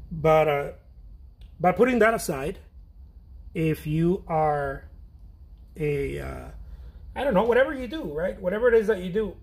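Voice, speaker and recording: Gravelly husky man chatting while painting. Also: fairly high pitch, a little mellow. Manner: chatty, self-deprecating, laughs often, trails off and restarts. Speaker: painter streaming an art chat. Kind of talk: casual rambling chat while painting.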